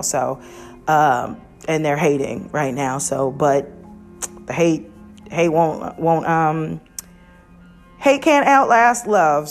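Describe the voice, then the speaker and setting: Deep-voiced woman podcaster, rambling opinions, soft music in back. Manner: chatty, opinionated, many restarts and asides. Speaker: podcast host. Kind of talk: casual review chat.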